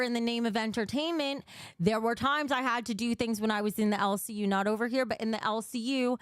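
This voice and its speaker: Brief: young woman streamer, fairly high smooth voice, blunt and emotional, reads and answers chat live, swears a lot. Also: dry recording, studio quality. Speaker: livestream host. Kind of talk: casual livestream chat.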